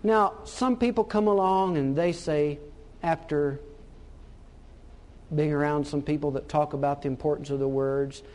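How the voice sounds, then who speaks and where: High-voiced preacher, emphatic and repetitive. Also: male voice, fairly even intonation, a little slow, darkish tone. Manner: emphatic, repeats key phrases. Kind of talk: sermon.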